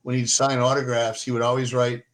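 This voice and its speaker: A man's voice: mid-range voice, flat delivery, a little fast. An older man co-hosting a casual chat, telling stories with many fillers and restarts. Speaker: podcast co-host.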